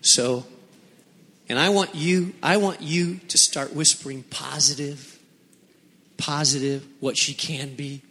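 A man preaches to his congregation in a high voice that stays above the usual male range. He drives his points home by repeating phrases with dramatic weight. His words ring out with a long reverb in a church hall. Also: fairly even intonation, slow pace, sharp tone, slightly rough. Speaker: pastor. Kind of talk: sermon.

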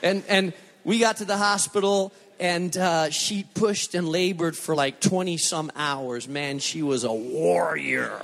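A middle-aged man preaching a sermon as a pastor, telling stories with animated, emphatic repetition. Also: a little high, unhurried, creaky. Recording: long reverb of a large hall.

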